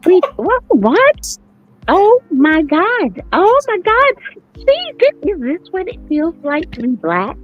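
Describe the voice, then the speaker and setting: A woman's voice: very high voice, wildly swooping pitch, slow, highs cut off, heavily acted. A woman voicing a prim, easily offended white woman in comedic role-play, gasping in exaggerated shock. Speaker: podcast co-host.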